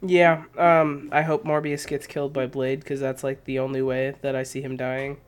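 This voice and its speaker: Woman co-host, profane animated retelling. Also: rumbling low, moderate pace, clean tone. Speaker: podcast co-host. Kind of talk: casual chat.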